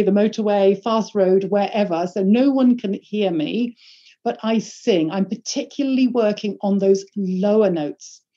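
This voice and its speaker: A woman leading an online workshop on presenting, giving instructions in a clear and emphatic way. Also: mid-range voice, mellow, lo-fi sound. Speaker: presentation skills trainer.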